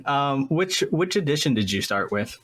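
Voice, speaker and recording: A man hosting a relaxed podcast about tabletop games. His talk is jokey, with easy laughs scattered between his questions. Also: mid-range voice, moderate pace, a little hiss or hum. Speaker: podcast host. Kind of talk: casual podcast chat.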